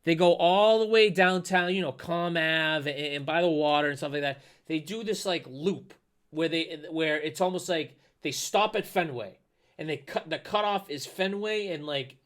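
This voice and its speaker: Man, young adult, bright voice, fairly high pitch, animated profane podcast host. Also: normal speed. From Boston. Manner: animated, profane, rants with rising emphasis. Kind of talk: casual podcast chat.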